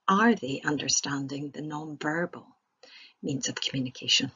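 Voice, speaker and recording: A woman's voice: deep voice, moderate pace, bright, forceful tone, slightly rough, highs cut off. A woman giving a recorded presentation as a trainer, explaining step by step with rhetorical questions and the odd filler.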